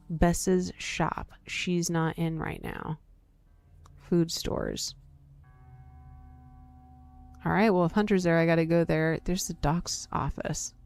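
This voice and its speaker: A woman's voice: on the low side, a little slow, creaky, a little mellow, soft background music. A woman casually commenting as she plays a story game, reading its text aloud, talking to herself and her viewers, and reacting with surprise. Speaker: gaming video host.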